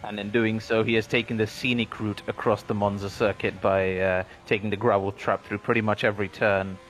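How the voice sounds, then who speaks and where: A man commentating on an online sim racing league, calling lap times and positions in a measured, analytical way. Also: fairly low pitch, level tone, fairly bright tone. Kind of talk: race commentary.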